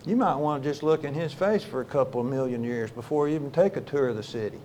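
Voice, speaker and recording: A male pastor preaching a sermon, moving between loud exclamations and quiet, low lines. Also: fast, a little hiss or hum.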